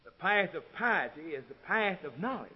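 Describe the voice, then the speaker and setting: A man preaching a sermon, swelling to loud, ringing climaxes and then dropping to a low, quiet tone. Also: sing-song, moderate pace, husky, muffled recording.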